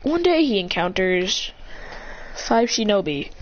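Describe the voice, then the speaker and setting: A woman's voice: mid-range voice, sing-song, a little slow, highs cut off. A woman improvising a fan-fiction story aloud, rambling and correcting herself as she goes.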